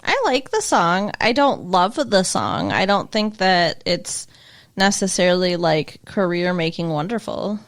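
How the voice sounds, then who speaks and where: A woman's voice: lowish voice, sing-song, measured pace. A woman co-hosting a podcast in casual chat, playful and wry. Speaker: podcast co-host.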